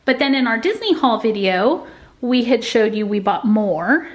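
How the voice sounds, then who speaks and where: A woman's voice: fairly high pitch, lively intonation, a little slow. A woman from the United States, a family vlogger, casually chatting to the camera as she shows things around her. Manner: chatty and friendly, showing things as she talks. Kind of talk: casual vlog chat to camera.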